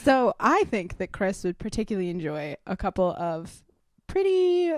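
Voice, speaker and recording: A woman's voice: medium pitch, very animated, moderate pace, a little mellow, no room sound. A woman guest in a casual chat, teasing and arguing her points. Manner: teasing, argumentative.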